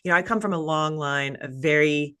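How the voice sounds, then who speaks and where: A woman's voice: low-pitched, fairly quick, fairly bright tone, clear, resonant tone. A woman in her thirties from the American South, hosting a casual interview and telling stories with many "like" fillers. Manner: chatty storyteller, many "like" fillers. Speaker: podcast host.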